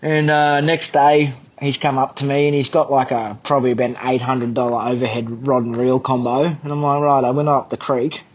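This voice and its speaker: A man's voice: mid-range voice, steady tone, fairly quick, hardly any pauses, muffled recording. A young Australian man telling a fishing charter story as a podcast guest, blunt, profane and often laughing. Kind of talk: casual anecdote telling.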